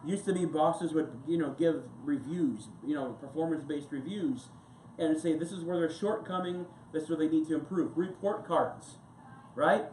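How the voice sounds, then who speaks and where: Pastor preaching in an echoey church. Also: male voice, fairly high pitch, moderate pace, a little mellow, slight background noise. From United States. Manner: conversational, rambling preaching with anecdotes and asides. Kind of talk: sermon. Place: church sanctuary. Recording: echoey church room with faint ambience.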